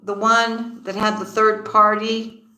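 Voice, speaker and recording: A woman's voice: medium pitch, flat delivery, slow, bright, forceful tone. A woman giving a casual tarot reading, laughing often and repeating her phrases. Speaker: tarot card reader. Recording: roomy echoey room.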